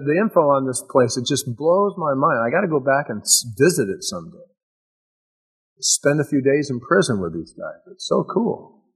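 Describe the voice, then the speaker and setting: Husky-voiced male preacher, conversational. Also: on the high side, a bit bright, rough recording. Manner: conversational, enthusiastic, with repeated restarts. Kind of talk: sermon.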